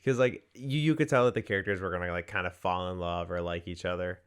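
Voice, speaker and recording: A man's voice: sits low, fairly even intonation, fast talker, clear, resonant tone. A man co-hosting a podcast, talking about a movie in a laid-back way with lots of "like" fillers. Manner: laid-back, heavy use of "like". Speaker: podcast co-host. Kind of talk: casual movie-review chat.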